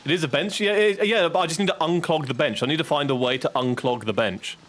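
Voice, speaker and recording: A streamer with an English accent talks at a quick pace in a voice on the high side. His casual play-along commentary is excitable, and each setback draws a yelp or a swear word.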